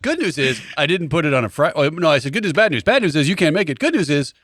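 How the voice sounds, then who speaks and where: Bright-voiced man cracking wry jokes. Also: fairly high pitch, big pitch swings, fast, no echo, clean studio sound. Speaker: podcast co-host. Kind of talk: casual comedic chat.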